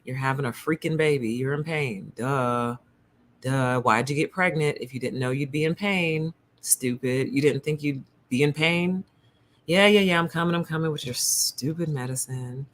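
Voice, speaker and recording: A woman's voice: sits low, a little hiss or hum, voice pushed down. A woman voicing a callous young male anesthesiologist who sneers at his patients and talks like a bro. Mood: sneering. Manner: sneering, dismissive.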